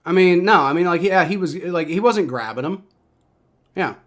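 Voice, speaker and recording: A young man reacts live to a football game with play-by-play, getting excitable and swearing at each play. His voice is high and his speed normal.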